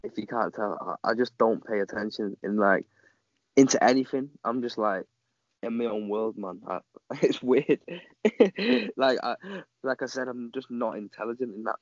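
A man's voice: fairly low pitch, moderate pace, no echo, muffled recording. A man as a guest on a casual podcast, rambling with many filler words and frequent laughter. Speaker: podcast guest, jiu-jitsu athlete.

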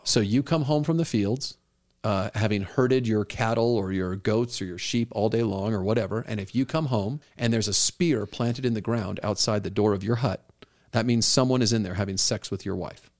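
A man's voice: lowish voice, moderate pace. A middle-aged man, a pastor co-hosting a podcast, talking earnestly and telling stories with quoted dialogue. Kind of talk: conversational podcast talk.

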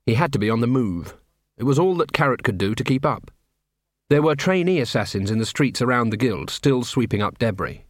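A man reading an audiobook in a wry, expressive storytelling manner, recorded in a studio. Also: mid-range voice, brisk, no echo. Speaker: audiobook narrator.

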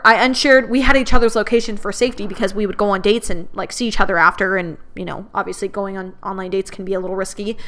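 A young adult woman telling a personal story in a candid, expressive way, swearing freely and quoting others in her own voice. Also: mid-range voice. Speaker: podcast host. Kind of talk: casual storytelling.

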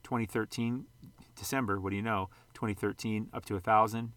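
A man's voice: lowish voice, fairly even intonation, a little fast, a bit bright. A man hosting a casual vlog, rambling and conversational, throwing out rhetorical questions and the odd mild curse. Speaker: sports card channel host.

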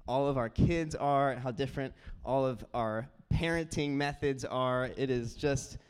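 A young man preaching a sermon, telling family stories in an animated way and acting out his kids' voices. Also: medium pitch, a little slow, clean tone. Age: young adult. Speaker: pastor.

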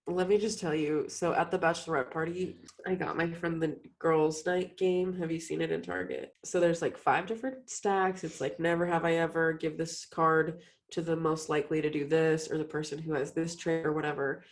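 A woman's voice: deep voice, flat delivery, normal speed, hardly any pauses. A young woman co-hosting a podcast, telling rambling, self-deprecating stories in casual chat. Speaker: podcast co-host.

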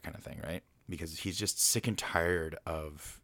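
Deep-voiced man rambling through a film recap. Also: a little slow, fairly bright tone, no room sound. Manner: rambling, frequent fillers and restarts. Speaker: film reviewer.

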